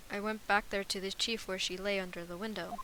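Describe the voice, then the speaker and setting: A woman reading the lines of an anxious young male defense lawyer in a video game, in a low-key, plain voice. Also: fairly even intonation, a little fast, sharp tone, a little hiss or hum. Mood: uneasy.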